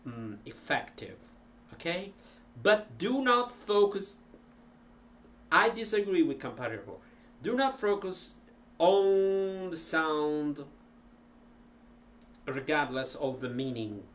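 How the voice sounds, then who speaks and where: Slow-talking man. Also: fairly high pitch, a bit bright, a little hiss or hum. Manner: unhurried, hesitant with fillers, demonstrates phrases aloud. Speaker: language teacher. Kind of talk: informal language lesson.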